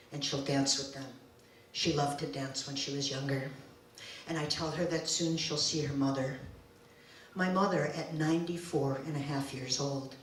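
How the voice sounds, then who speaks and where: A woman in her forties telling a personal story live on stage, slow, deliberate and emotional in the first person. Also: low voice, slight background noise. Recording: very echoey room, distant mic, faint ambience.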